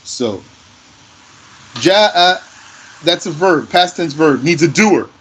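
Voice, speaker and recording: A man teaching Arabic grammar in English, explaining slowly and patiently and repeating his example phrases. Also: fairly high pitch, animated, husky, low-quality recording. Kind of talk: slow classroom explanation.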